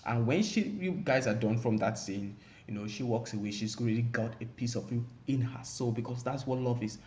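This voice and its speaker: A man's voice: medium pitch, brisk, a little mellow, a little hiss or hum. Rambling man giving relationship advice. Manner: rambling, many "you know" fillers, emphatic. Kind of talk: casual advice monologue.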